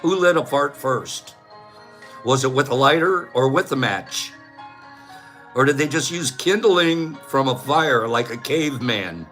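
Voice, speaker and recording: A man's voice: mid-range voice, expressive, unhurried, a bit bright, soft background music. A man hosting a casual livestream, talking loosely and breaking into giggles often. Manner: giggly, keeps breaking into laughter. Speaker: livestream host.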